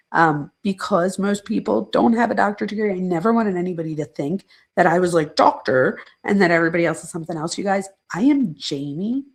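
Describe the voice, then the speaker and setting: A woman's voice: on the low side, gravelly, husky. A middle-aged woman, a psychologist, chatting casually on a live stream, reading viewer comments aloud and rambling off on side points.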